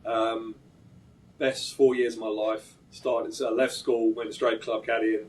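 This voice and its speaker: A man from England speaking low and flat, telling his background plainly and without fuss. He sits some distance from the mic, so his voice sounds set back. The chat is casual and even. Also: unhurried. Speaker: caddie guest.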